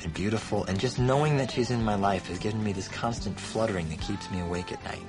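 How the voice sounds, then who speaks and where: An earnest teenage boy, played by a man, pours his heart out in a soft-spoken, sincere love letter. His voice sits low and the words come quickly. Music plays underneath this TV drama clip. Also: close to an everyday voice. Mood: tender.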